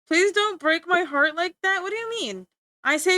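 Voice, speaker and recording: A woman's voice: very high-pitched, animated, normal speed, sharp tone, dry recording. A young woman streamer chatting playfully with her viewers, teasing and giggling as she talks. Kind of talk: casual chat with stream viewers.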